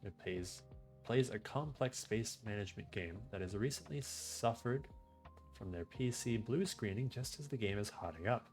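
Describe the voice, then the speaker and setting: A man streaming a game, reading its text aloud and chatting casually in a relaxed, trailing-off way. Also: on the low side, moderate pace, faint music behind.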